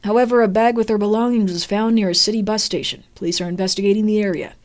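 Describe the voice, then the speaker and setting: A woman voicing a calm female news anchor in a slow, measured delivery while reading game text aloud. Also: mid-range voice, natural voice.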